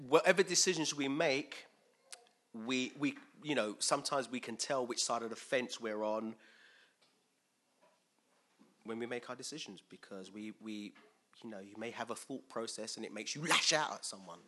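A man preaching a conversational sermon in a chatty, lively way, full of fillers and repeated words. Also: medium pitch, moderate pace.

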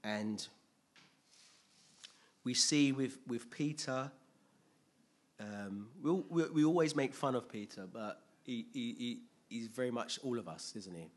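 Slow, lively preacher man. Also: mid-range voice. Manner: lively storytelling with jokey slang asides. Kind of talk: sermon.

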